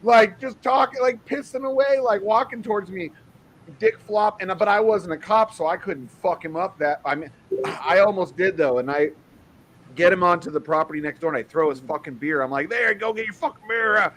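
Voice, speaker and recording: A man telling a bar story in casual chat, swearing freely and animated. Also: high voice, moderate pace, slight background noise, low-quality recording.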